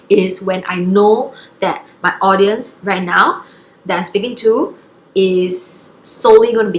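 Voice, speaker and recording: A woman's voice: mid-range voice, fairly bright tone, roomy sound, slight background noise, low-quality recording. Chatty Singaporean young woman vlogging. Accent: Singaporean English, softened toward international. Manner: chatty, many fillers and asides. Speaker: YouTuber. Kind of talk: casual talk to camera.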